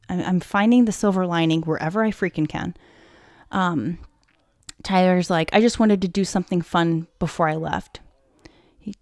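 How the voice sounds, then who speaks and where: A young woman tells a true crime story in a loose, chatty way, breaking off for blunt, swearing commentary and hushed whispered aside. Her voice sits close and dry, with no room sound at all. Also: on the low side, dry recording. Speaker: true crime podcast host.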